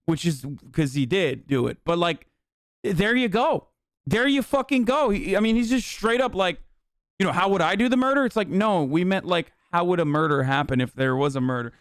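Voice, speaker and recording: At a moderate pace, a man with a smooth, high-sitting voice offers profane, incredulous commentary while streaming a documentary, slipping into animated rants in a casual way. The recording is studio quality and free of echo.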